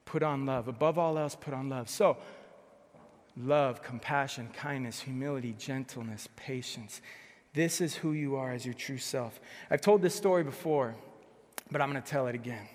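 A young man preaching a sermon with passion, swinging from loud emphatic bursts to soft hushed passages. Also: mid-range voice, moderate pace. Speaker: pastor. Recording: long hall reverb.

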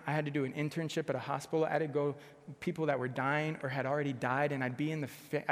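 A young man preaching a sermon with passion, swinging from loud emphatic bursts to soft hushed passages. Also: mid-range voice, gravelly. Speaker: pastor. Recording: long hall reverb.

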